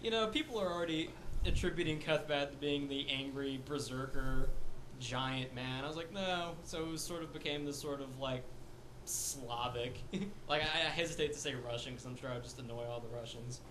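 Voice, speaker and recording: A man's voice: medium pitch, steady tone, fairly quick, background noise. A young man rambling in casual chat about a game he plays, laughing often. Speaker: tabletop game player.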